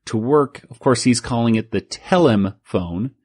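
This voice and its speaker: A man's voice: unhurried, slightly rough, no room sound, studio quality. Rambling man co-hosting a casual podcast. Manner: rambling, animated, acts out quoted lines in higher voices. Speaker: podcast co-host. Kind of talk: casual chat, recapping a comic.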